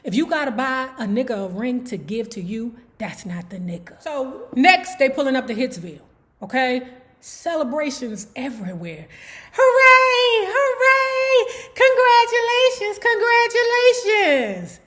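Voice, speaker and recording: A woman's voice: fairly high pitch, lively intonation, normal speed. A woman hosting an online book club, reading a memoir aloud and breaking off for sassy, profane commentary to her viewers.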